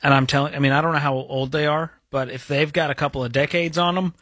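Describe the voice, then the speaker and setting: A man's voice: on the high side, fairly even intonation, fast talker, a bit bright, no echo. A man co-hosting a call-in money advice show, chatty and upbeat, with a folksy way of giving advice. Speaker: radio advice show co-host. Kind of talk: casual call-in advice chat.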